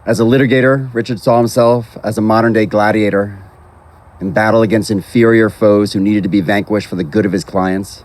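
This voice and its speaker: A low-voiced man officiates at an outdoor graveside. He reads a formal eulogy at a measured, unhurried pace, his delivery steady and composed. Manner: measured, formal, reading from a text. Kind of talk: prepared eulogy.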